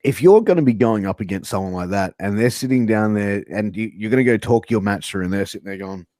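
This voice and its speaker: A man's voice: lowish voice, fast, a little mellow, no echo. A man co-hosting a podcast, stammering through a question and acting out crude hypotheticals. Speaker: podcast co-host. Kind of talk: interview question.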